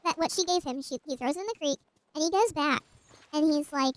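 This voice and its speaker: A woman's voice: sits high, fairly quick, no room sound, poor audio. A woman streamer casually retelling a myth while gaming, rambling with asides and restarts.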